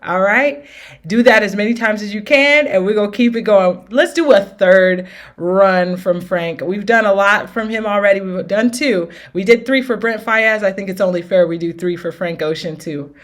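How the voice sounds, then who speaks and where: A woman's voice: medium pitch, normal speed, fairly bright tone. A woman teaching an R&B singing lesson with demonstrations, upbeat and encouraging, often checking in with her students. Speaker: vocal coach.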